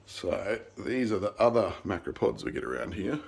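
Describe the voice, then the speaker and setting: A man with an Australian accent, chattily narrating a casual nature vlog outdoors for his nephews, getting excited and hushing near animals. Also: on the low side, normal speed, creaky, breathy edge. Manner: chatty and enthusiastic, drops to a hush near animals. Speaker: uncle filming a nature video for his nephews. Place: outdoors in a rural yard with bush and birds.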